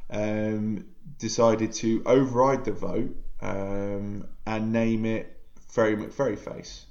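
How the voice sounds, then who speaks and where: A man's voice: lowish voice, little pitch movement, slow, a little mellow, lo-fi sound. A man co-hosting a casual podcast over a video call, hesitant with frequent ums and laughing at his own stories. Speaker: podcast co-host.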